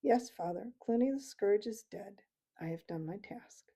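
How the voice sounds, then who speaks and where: A woman reading the part of a brave young male mouse who speaks quietly and respectfully. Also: mid-range voice, animated, a little slow, slightly rough. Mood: hushed, respectful.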